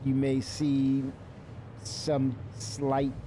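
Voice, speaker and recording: A man's voice: mid-range voice, monotone, extremely slow, dark tone, slight background noise. A man streaming a video game live, chatting loosely, cursing and laughing at what happens on screen. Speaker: livestreamer. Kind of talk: live gameplay stream commentary.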